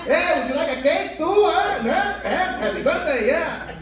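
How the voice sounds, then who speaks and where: A man's voice: lively intonation, moderate pace, crowd noise. A man voicing an overeager, hysterical party host who keeps pushing cake and a piñata. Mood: frantic. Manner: shrill, pushy, repeating "huh?". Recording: echoey club from far off.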